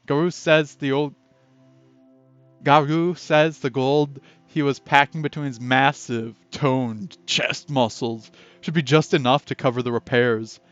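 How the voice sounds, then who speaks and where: A man reads a text game aloud in a relaxed playthrough, stopping now and then to chat and comment. His voice sits at an average pitch. The sound is dull and lo-fi, with faint background music. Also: measured pace, dry recording. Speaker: game player and narrator.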